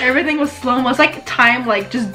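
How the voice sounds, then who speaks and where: A woman's voice: high-pitched, brisk, over music. A young woman, the host's sister, recounting a story in a laid-back, giggly way. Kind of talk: casual storytime chat.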